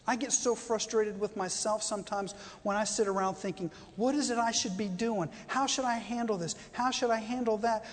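A guest preacher gives a conversational sermon, often repeating phrases and asking the congregation questions. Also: mid-range voice. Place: church sanctuary. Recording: long reverb of a church hall.

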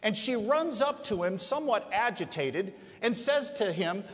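A man's voice: sits high, very animated. Emphatic male preacher in an echoey hall. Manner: emphatic, rhetorical questions, drawn-out key words. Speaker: pro-life speaker. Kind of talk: preaching to a live audience. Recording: echoey hall, long reverb.

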